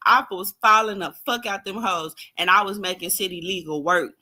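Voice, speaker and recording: A woman streaming live, ranting loudly with lots of laughter and profanity. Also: mid-range voice, moderate pace. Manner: loud, profane, laughing, animated. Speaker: livestream host. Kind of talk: excited livestream rant.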